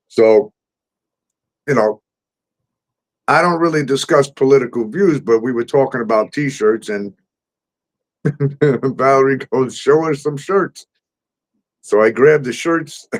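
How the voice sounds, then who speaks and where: A man's voice: medium pitch, slow, pauses often. A man hosting a casual talk show from home, telling a story with frequent laughs and loose swearing. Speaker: host. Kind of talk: casual chat.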